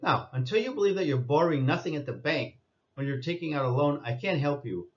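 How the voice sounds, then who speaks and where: A man's voice: a little high, expressive, a little fast, dull audio. A man giving an insistent lecturing monologue, repeating his points and scolding listeners. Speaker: commentator.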